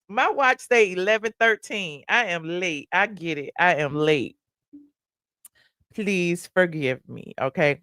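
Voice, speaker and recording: A woman's voice: lowish voice, lively intonation, slow pace, bright, forceful tone, no echo, clean studio sound. A woman hosting a casual live stream, chatting and laughing as she reads viewer comments. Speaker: live-stream gossip host.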